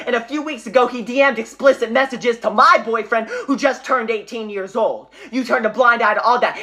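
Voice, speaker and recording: A woman's voice: on the high side, bright, forceful tone. A woman voicing an angry young man who bluntly tells off his own family. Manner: firm, blunt, cursing.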